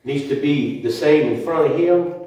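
A man giving an earnest devotional talk to a church congregation, halting now and then to restart his sentences. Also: a little high, mellow. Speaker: church speaker. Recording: echoey church room, mic far off.

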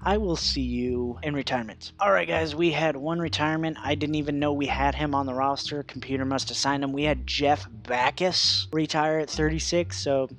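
A man's voice: fairly high pitch, moderate pace, few pauses, fairly bright tone. A man giving casual, profane commentary over a football video game, ranting and laughing as he goes. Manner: ranting, swearing, laughing, mock voices. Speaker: gaming YouTuber.

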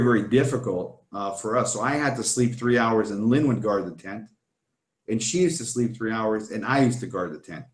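A man's voice: medium pitch, reverberant. A man earnestly telling his personal testimony as an interview guest, often turning to the host by name.

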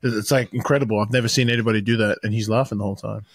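A man's voice: lowish voice, steady tone, very fast, breathy edge, no room sound. A young adult man with an Australian accent, a podcast guest in casual chat who repeats his phrases as he talks.

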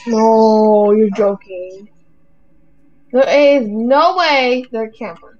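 A woman's voice: fairly high pitch, drawn-out words, darkish tone, muffled recording. A woman chatting casually while playing an online game with a friend, teasing and giggling often as she talks. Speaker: gamer co-host. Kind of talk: casual gaming chat.

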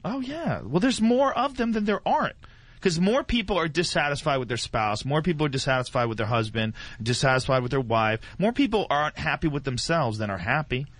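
A man guesting on a radio talk show as a comedian, talking in a crude, joking, animated way. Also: a little high, fairly quick, no room sound.

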